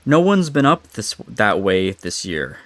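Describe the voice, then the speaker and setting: A young man reading the lines of a blunt, bossy male hunting guide from an old story, slowly and carefully, in his own everyday voice. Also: fairly low pitch, sing-song, fairly bright tone, dry recording.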